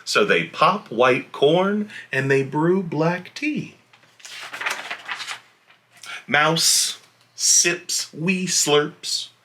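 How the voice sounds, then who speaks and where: A man reading a children's picture book aloud in a playful, animated way, giving the animals little voices, then chatting casually to young viewers. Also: a little high. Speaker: children's story reader.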